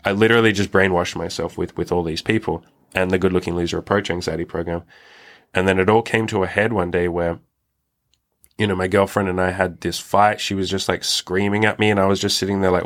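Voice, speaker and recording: Young male podcast host, very low voice, candid and reflective, casual swearing. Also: steady tone, fairly quick. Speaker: podcast host telling his own story. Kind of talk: candid personal storytelling.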